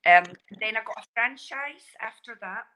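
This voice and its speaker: A woman's voice: a little high, normal speed, bright, forceful tone, low-quality recording. A Scottish woman in her forties, chatting as a guest over a mobile phone and laughing easily. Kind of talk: casual call-in chat. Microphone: mobile phone over wireless.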